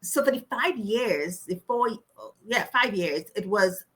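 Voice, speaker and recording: A middle-aged woman speaks as an interview guest, telling her story with animation. Her voice sits at an ordinary pitch but sounds bright and forceful. She laughs often and slips into the voices of the people she quotes. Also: animated, slow.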